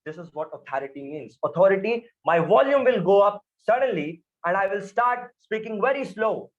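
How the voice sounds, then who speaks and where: A man with an Indian English accent teaching a motivational lesson, emphatic and animated, swinging between loud and soft. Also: high voice, moderate pace, dull audio. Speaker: spoken English trainer.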